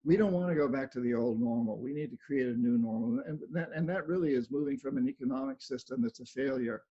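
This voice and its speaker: A man's voice: medium pitch, fast talker, dark tone, slightly rough. An older man, an author, talking earnestly as a guest on a video call and often repeating words as he goes. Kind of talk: casual video-call interview. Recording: dull lo-fi video-call audio.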